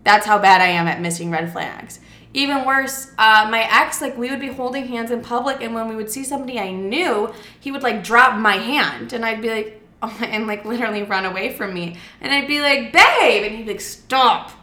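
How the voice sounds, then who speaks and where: Young woman vlogger, fairly high and bright voice, blunt and salty, in a roomy space with echo. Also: a little fast. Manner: blunt, swearing, playful storytelling. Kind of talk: casual chat to camera.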